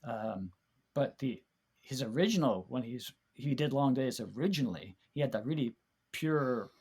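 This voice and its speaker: A man's voice: medium pitch, lively intonation, moderate pace, slightly rough. A man as a podcast guest, telling stories in a rambling way with many restarts. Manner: rambling, warm storytelling with many restarts and fillers. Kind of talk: casual chat, reminiscing.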